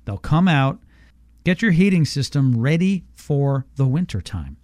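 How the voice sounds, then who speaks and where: A man hosting a radio show, pitching a free service with an upbeat sales manner and slowly repeating a phone number. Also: very animated, darkish tone, dry recording, studio quality. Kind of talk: radio show sponsor promotion.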